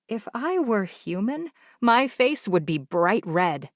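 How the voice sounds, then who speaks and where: A woman narrating a first-person audiobook with a measured, even delivery. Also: mid-range voice, dry recording, studio quality.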